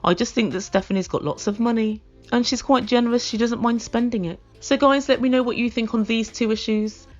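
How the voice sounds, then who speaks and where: A woman delivers a comedic recap of a reality show, blunt and openly mocking in her sarcasm. Her voice sits a little high. The recording is dull and lo-fi. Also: fairly even intonation, a little fast, hardly any pauses. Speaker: reality TV reviewer.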